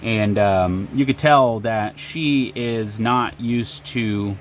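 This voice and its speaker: A man's voice: on the low side, slow, slight background noise. A man narrating and running a solo tabletop game with frequent ums and uhs. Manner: hesitant, lots of ums and uhs.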